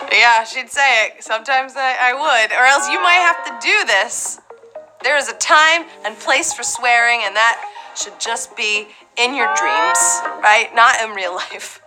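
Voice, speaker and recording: A young woman hosting a live trivia game show, playful and chatty with quick asides. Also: fairly high pitch, low-quality recording.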